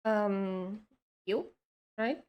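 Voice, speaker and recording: A woman's voice: medium pitch, extremely slow, clean tone, lo-fi sound. A woman telling a long story in casual chat, rambling with lots of "like" and restarts. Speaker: streamer.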